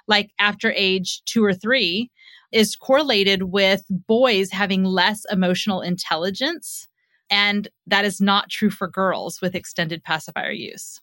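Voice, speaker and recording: A woman's voice: mid-range voice, fairly even intonation, measured pace, a bit bright, dry recording. A middle-aged woman, a psychotherapist guest on a podcast, explaining things in a conversational way with lots of fillers.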